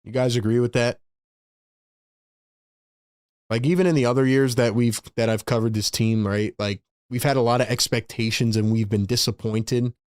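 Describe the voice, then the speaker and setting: A man with a medium-pitched voice calls basketball play by play for his fan show, and he reads out viewer messages between plays. His delivery is quick and casual, with frequent laughs, and the sound is dry and close to the mic. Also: fairly even intonation, darkish tone, clean tone, no room sound. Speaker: host and play-by-play caller. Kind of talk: live fan play-by-play and chat.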